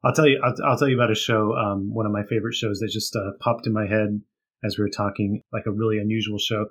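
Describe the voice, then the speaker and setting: A man's voice: fairly low pitch, little pitch movement, fast, husky. A man, a guest author, chatting casually and telling a story with frequent laughs and fillers. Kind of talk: casual chat.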